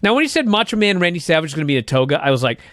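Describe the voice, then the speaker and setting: A man's voice: fairly high pitch, sing-song, rapid-fire, a bit bright, no room sound, clean studio sound. A man co-hosting a casual chat, ranting with plenty of swearing and exasperation. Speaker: podcast co-host.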